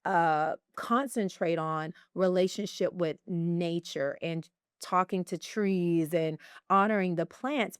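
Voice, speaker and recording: A woman guest in an interview, telling personal stories in an animated, heartfelt way. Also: on the low side, clean tone, no echo, clean studio sound. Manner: animated storyteller, acts out her own excitement. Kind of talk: conversational interview.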